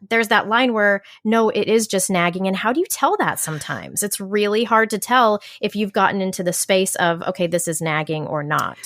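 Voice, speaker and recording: A woman's voice: medium pitch, fairly bright tone, dry recording. Eager woman podcast host, dry sound. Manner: engaged, asks eager follow-up questions. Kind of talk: casual podcast conversation.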